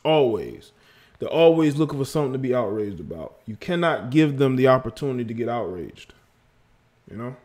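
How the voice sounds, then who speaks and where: A man hosts a livestream and comments on a clip he has just played. His voice sits at an ordinary middle pitch. He mocks what he heard, laughs, and keeps repeating words to make his point. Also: very animated, fairly quick, a little mellow. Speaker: livestream host.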